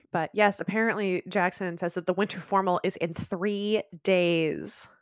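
A woman's voice: fairly low pitch, steady tone, unhurried, dry recording, studio quality. A woman co-hosting a podcast, recapping a TV episode in casual chat, playful and laughing often as she acts out quotes. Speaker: podcast co-host.

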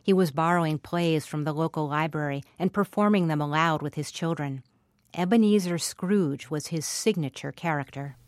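A woman narrating a scripted remembrance essay in a measured, literary way. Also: low voice, no room sound.

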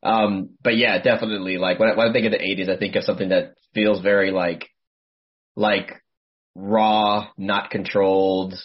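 A man's voice: fairly low pitch, little pitch movement, normal speed, lo-fi sound. A man co-hosting a podcast in casual chat, thinking aloud and correcting himself mid-sentence. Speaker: podcast co-host.

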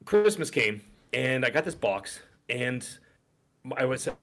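This middle-aged podcast co-host speaks slowly in a mid-range, slightly bright voice, yet sounds very animated. He rambles through a long story in casual chat, full of fillers and asides.

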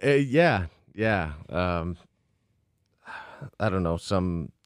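A man playing his character in a tabletop game, speaking hesitantly with many pauses. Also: sits low, animated, clear, resonant tone, dry recording, clean studio sound. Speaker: player.

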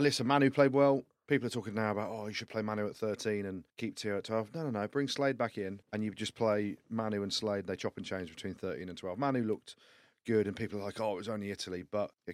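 Fast-talking blunt English man, low voice. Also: no echo. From England. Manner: blunt, teasing, quick-fire rugby opinions. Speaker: podcast co-host. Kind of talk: casual studio banter. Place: studio.

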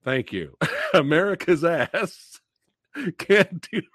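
Male reaction-stream host, swings wildly in pitch, unhurried, cursing, dry close mic. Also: breathy edge, dry recording. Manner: profane, animated, laughing and booing. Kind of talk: live stream trailer reaction.

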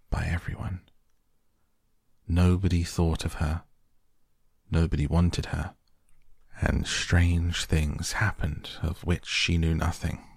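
A man narrating a classic novel as a soft, slow, hushed bedtime story reading. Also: low-pitched, creaky, husky, no room sound, clean studio sound. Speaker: audiobook narrator.

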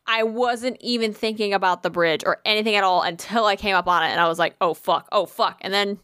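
Bright, crisp young woman telling a story. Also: mid-range voice, brisk, no echo, clean studio sound. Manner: animated, swears a lot, laughs often. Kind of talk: casual storytelling chat.

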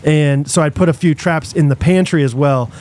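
A young man, co-hosting a podcast, telling a long story in a rambling, animated way full of fillers and restarts. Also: a little high, normal speed, dry recording. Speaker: podcast co-host. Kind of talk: casual storytelling chat.

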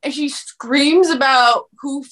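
A woman guest with a high-pitched voice chats casually on a podcast. She riffs in an animated, profane comic way. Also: slow. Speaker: comedian guest.

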